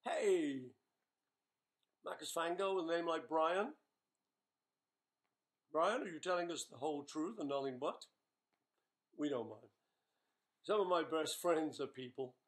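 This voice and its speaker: A man's voice: a little high, unhurried, pauses often. An older man answering fan questions in a casual live webchat, playful and chatty as he reads each question aloud.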